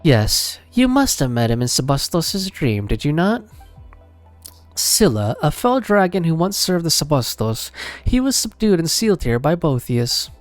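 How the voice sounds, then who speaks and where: A man voicing an old, formal male guide from an ancient underwater city, telling its history slowly and solemnly in a lowered voice. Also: sing-song, dry recording, faint music behind. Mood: explaining. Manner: low, slow, solemn storytelling.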